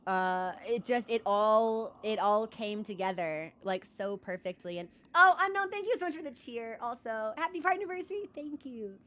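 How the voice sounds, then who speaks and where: A woman's voice: on the high side, lively intonation, moderate pace, few pauses, a bit bright. A young woman livestreaming from her computer desk, talking casually and earnestly to her viewers with lots of restarts and "like"s. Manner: rambling, earnest, with many restarts and "like"s. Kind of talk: casual chat to stream viewers.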